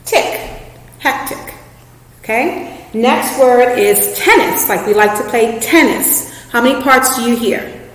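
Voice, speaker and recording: A woman reading teacher giving a recorded lesson to students, patient and clear, spelling words out slowly letter by letter. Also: a little high. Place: classroom with a flip chart. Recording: very echoey room with a long reverb.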